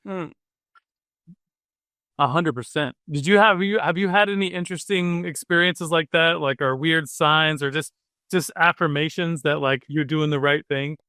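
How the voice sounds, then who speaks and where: A man's voice: a little high, steady tone, moderate pace, bright, forceful tone, smooth, no room sound, clean studio sound. A man in his late thirties, a cartoonist guest, telling a personal story in a rambling, emotional way full of "like" and restarts. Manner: rambling, emotional, many fillers. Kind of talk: casual interview chat.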